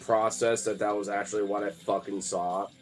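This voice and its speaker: A man's voice: on the low side, flat delivery, normal speed. A young man chatting casually on a live stream, rambling with lots of fillers, frequent swearing and laughter.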